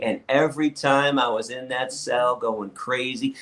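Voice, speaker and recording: A man's voice: medium pitch, moderate pace, hardly any pauses, low-quality recording. Outspoken man telling stories with restarts. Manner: animated storyteller with frequent stammered restarts; blunt and outspoken. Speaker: interview guest, activist. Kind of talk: podcast interview storytelling.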